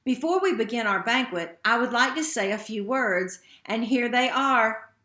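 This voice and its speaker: A woman's voice: a little high, lively intonation, moderate pace, pushed and bright. Dumbledore: a woman doing a jovial old wizard. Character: eccentric old male headmaster wizard, cheerful. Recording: roomy echo.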